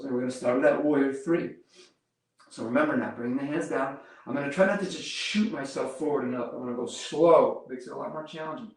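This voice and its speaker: A man leading a yoga class, giving calm step-by-step cues while he demonstrates the poses and counts breaths. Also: mid-range voice, fairly quick. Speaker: yoga instructor. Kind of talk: guided yoga class instruction. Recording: roomy echo, mic far off.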